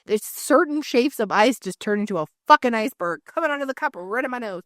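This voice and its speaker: A woman co-hosting a casual podcast chat, telling animated stories with lots of swearing and acted-out quotes. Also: fairly high pitch, quick pace, few pauses, no echo, studio quality. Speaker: podcast co-host.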